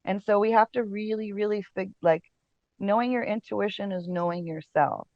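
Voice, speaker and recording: A woman's voice: mid-range voice, steady tone, moderate pace, darkish tone, no echo, lo-fi sound. A woman casting director talking as a podcast guest in casual chat, chatty and storytelling, with lots of fillers and frequent laughs.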